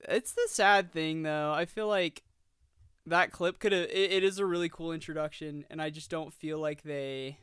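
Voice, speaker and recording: A man's voice: a little high, moderate pace, clean tone, no echo. Upbeat young man in a dry room. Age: 20s. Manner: excited, rambling with restarts. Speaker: podcast co-host. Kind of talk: casual film review chat.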